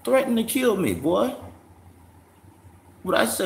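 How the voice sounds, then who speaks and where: A man's voice: high voice, big pitch swings, unhurried, gravelly. A man hosting a casual livestream, profane and mocking, laughing often. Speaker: livestream host. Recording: echoey room, faint background noise.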